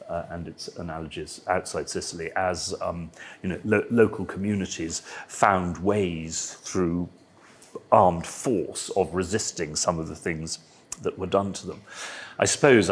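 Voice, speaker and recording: A man speaking at an academic roundtable, halting and digressive, with dry asides. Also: deep voice, slight background noise. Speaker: roundtable panelist. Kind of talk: academic panel discussion. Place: symposium panel.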